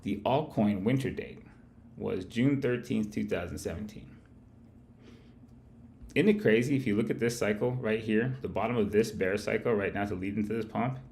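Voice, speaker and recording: A man's voice: lowish voice, moderate pace, gravelly, a little mellow, slight background noise. A man hosting a live market-analysis stream, rambling and cursing freely as he talks straight to his chat. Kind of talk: casual livestream market commentary.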